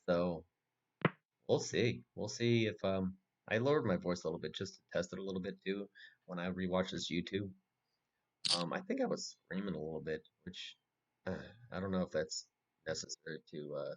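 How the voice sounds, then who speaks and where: A man casually commentating a replay of his own poker tournament, rambling with lots of fillers and restarts. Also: low-pitched. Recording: dull, slightly muffled recording with faint noise.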